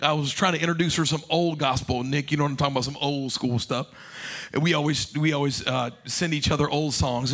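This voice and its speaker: Fired-up man preaching, high bright voice, calls out to the crowd and has them repeat after him. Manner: passionate call-and-response preaching. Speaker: pastor. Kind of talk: sermon.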